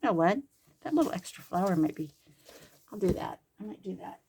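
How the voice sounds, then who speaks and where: A grandmother in her older years sews a craft at home for her crafting vlog, chatting and rambling while teasing herself. The voice is lowish, sing-song, creaky and a little mellow, moving a little fast, with slight background noise.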